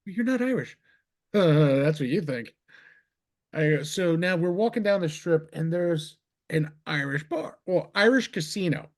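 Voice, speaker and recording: A man with a fairly high voice and a New Jersey accent tells stories on a casual podcast. He keeps it loose and animated and often jumps up in pitch to act out the people he quotes. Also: a little slow. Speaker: podcast host. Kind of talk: casual chat, storytelling.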